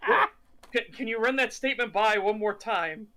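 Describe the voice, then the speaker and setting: A man's voice: high voice, moderate pace, sharp tone. A man co-hosting a podcast in casual chat, animatedly retelling movie scenes. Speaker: podcast co-host.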